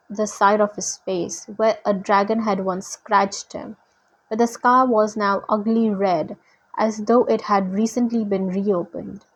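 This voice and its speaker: A woman reading a novel aloud in a steady, deliberate way. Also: medium pitch, poor audio. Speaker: reader.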